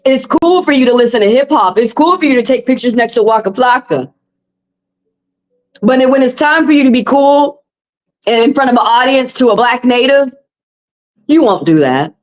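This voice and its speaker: Brief: higher-voiced woman, tarot livestream host, passionate and profane. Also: lively intonation, normal speed, pauses often, low-quality recording. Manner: impassioned, profane, blunt. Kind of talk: heated livestream monologue.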